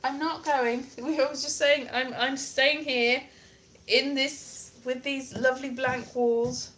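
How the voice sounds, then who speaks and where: A woman's voice: high-pitched, level tone, slow, fairly bright tone. A woman chatting casually with viewers on a live stream, playful and theatrical, often mocking herself.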